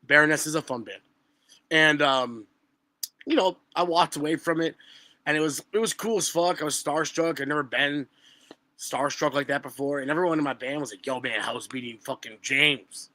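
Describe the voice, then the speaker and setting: A man, telling stories on a podcast in an animated, profane way. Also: on the high side, a little fast, no room sound. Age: 20s. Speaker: guest musician. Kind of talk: casual podcast chat.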